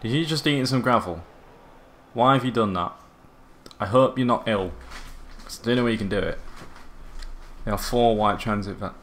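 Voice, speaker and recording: A man's voice: lowish voice, moderate pace, pauses often, fairly bright tone, slight background noise. A teenage boy streaming a football game, chatting and joking in a rambling way. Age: teens. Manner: chatty, jokey, rambling banter. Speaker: gaming streamer. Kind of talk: casual live-stream chat.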